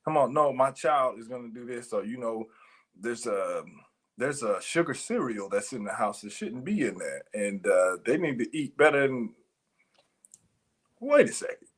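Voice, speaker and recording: A man's voice: mid-range voice, animated, moderate pace. A man co-hosting a ministry podcast, talking casually but emphatically, with preachy rhetorical questions. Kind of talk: casual chat.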